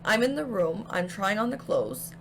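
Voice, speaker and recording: A woman's voice: mid-range voice, moderate pace, a little hiss or hum. A young woman casually recounting her haunted house experiences to camera, chatty and full of fillers. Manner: chatty, filler-heavy, animated retelling. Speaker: paranormal storyteller.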